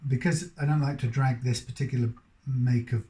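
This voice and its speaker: Male guitar tech, mid pitch, mellow, rambling workshop commentary, roomy sound. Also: steady tone, normal speed. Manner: rambling, thinking aloud as he works. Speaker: guitar technician. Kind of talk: casual workshop commentary while working. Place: repair workshop bench.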